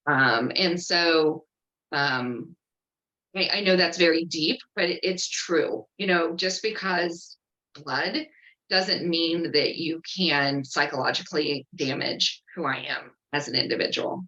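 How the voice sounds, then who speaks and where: A woman hosting a workshop, speaking earnestly and openly about personal matters, with frequent pauses and ums. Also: sits low, pushed and bright, highs cut off. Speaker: workshop host and coach. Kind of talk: candid personal sharing in a virtual workshop.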